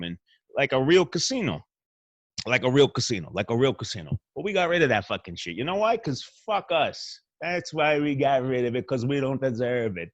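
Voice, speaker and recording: In a hotel room, a man who hosts a show delivers a profane, meandering comedic monologue in a Northeastern Pennsylvania accent, frequently starting over. His pitch is medium and his tone a bit bright, and the audio is dull but free of echo.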